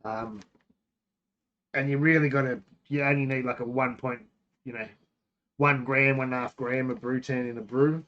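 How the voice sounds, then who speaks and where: A man's voice: mid-range voice, fairly even intonation, normal speed, long pauses, dull audio. An Australian man chatting casually on his home-brewing live stream, rambling, laughing and breaking off mid-sentence. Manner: rambling, laughing, self-interrupting.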